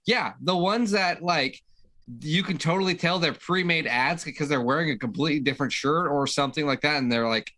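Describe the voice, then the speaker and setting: A man's voice: on the high side, brisk, bright, forceful tone. A man co-hosting a casual podcast over a video call, rambling and easily amused. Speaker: co-host.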